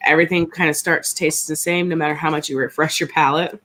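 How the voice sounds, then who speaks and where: A woman's voice: low-pitched, steady tone, quick pace, fairly bright tone, slight background noise. A woman co-hosting a casual whiskey tasting, talking in a chatty, upbeat way. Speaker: co-host.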